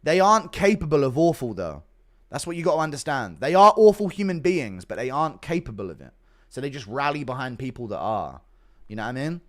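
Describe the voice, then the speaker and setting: Brit male streamer, lively up-and-down delivery, loose and profane, thanks donors between rants. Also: medium pitch, fairly quick. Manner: animated, swears casually, reads donations aloud. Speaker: livestreamer reading chat. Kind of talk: casual livestream chat.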